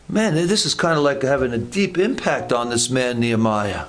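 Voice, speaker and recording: A man's voice: a little high, big pitch swings, moderate pace, hardly any pauses, a bit bright. A man preaching a sermon in a conversational way, with joking asides and acted-out bits of dialogue.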